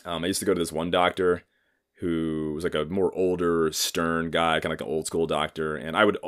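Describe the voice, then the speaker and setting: This man in his thirties hosts a casual solo podcast in a deep, level voice that is fairly quick and fairly bright. He rambles, swears freely, and jokes at his own expense.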